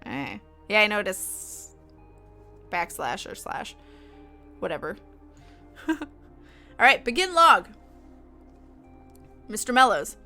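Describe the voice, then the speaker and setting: A woman's voice: medium pitch, sing-song, takes it slowly, long pauses, bright, forceful tone, soft background music. A young woman streamer casually reading horror files aloud, stopping to chat and comment. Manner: chatty, breaks off to comment and laugh.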